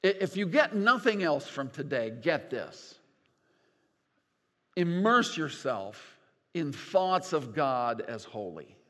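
An older man delivers a sermon from a church stage, his slightly high voice swinging widely in pitch. He takes his time and speaks in a folksy, animated way with light humor. The sound carries a long reverb from the sanctuary. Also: slow. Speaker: pastor.

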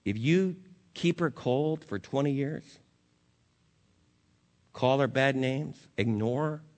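A male pastor preaching a sermon and leading a closing prayer, earnest, rising to emphatic peaks and then dropping soft. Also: medium pitch, slow.

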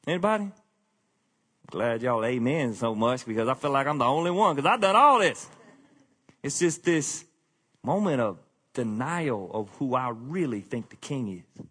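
A pastor delivers a conversational sermon to his congregation, candid and self-deprecating, frequently dropping into a quiet, confessional tone. His medium-pitched voice is animated and moderately paced, with a breathy edge.

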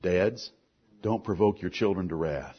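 A middle-aged man preaching a sermon, earnest, moving between soft asides and forceful lines. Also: sits low, a little slow, husky, highs cut off.

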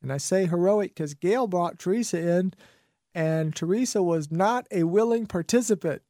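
A man's voice: high voice, normal speed, dark tone, no echo, clean studio sound. A man hosting a radio talk show, preaching with fervent, repetitive motivational conviction. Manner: fervent, preachy, repeats phrases for emphasis. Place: radio studio. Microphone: studio microphone.

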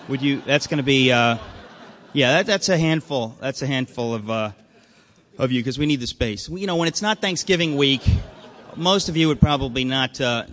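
Joking male host in a reverberant hall. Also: medium pitch. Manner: joking, deadpan, rambling with fillers. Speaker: event host. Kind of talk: comic live introduction. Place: event hall with an audience.

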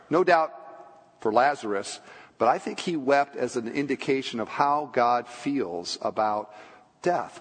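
A male pastor with a fairly high, slightly husky voice preaches to his congregation. He talks in a conversational way, poses questions, slips in playful asides, and sinks into a hushed tone for the weighty parts. His words ring out with the long reverb of a church sanctuary. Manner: drops low and quiet for solemn points. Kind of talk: sermon.

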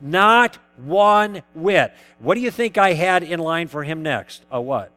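A man's voice: fairly high pitch, big pitch swings, moderate pace, fairly bright tone. A man giving a lecture, telling stories of past conversations and putting questions to his audience. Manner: acts out both sides of past dialogues, poses questions to the audience. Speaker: lecturer teaching conversation tactics. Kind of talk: lecture told through personal anecdotes.

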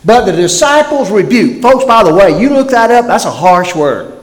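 Man preaching, bright-pitched and highly animated, big loud-to-hushed swings, roomy reverberant church sound. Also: moderate pace. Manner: animated preaching, swings from loud emphasis to near-whispered lows. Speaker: pastor. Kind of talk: sermon.

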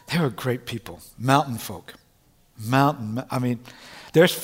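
A middle-aged male pastor preaching a sermon in a church. He is earnest and moves between loud proclamation and quiet, personal asides. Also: on the high side. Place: church sanctuary. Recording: long reverb of a large hall.

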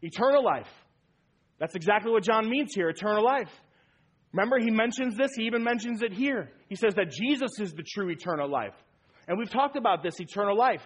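A man's voice: high voice, lively intonation, fairly quick, slightly rough. A man preaching a sermon as pastor, emphatic and repeating key phrases for weight.

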